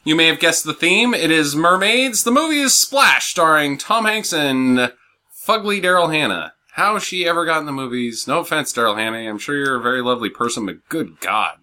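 A man's voice: on the high side, expressive, normal speed, bright, forceful tone. A young man hosting a casual comedy podcast, joking and swearing with restarts. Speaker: podcast host.

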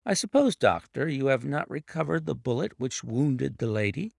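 A sharp, composed detective, voiced by a man reading aloud, laying out his reasoning in a measured, authoritative voice with lively pitch and a gravelly edge. Dry, close recording. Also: no room sound. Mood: assured. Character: sharp, composed male detective, middle-aged.

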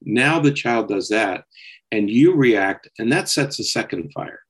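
Podcast co-host, male, low husky voice, steady explainer. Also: unhurried, rough recording. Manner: steady, explanatory, often checks with "okay?". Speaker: psychologist co-host. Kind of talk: casual podcast discussion.

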